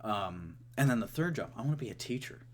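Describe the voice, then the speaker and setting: A young man talking casually to camera about his hopes, eager but halting, with many restarts. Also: medium pitch, lively intonation, slight background noise. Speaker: vlogger.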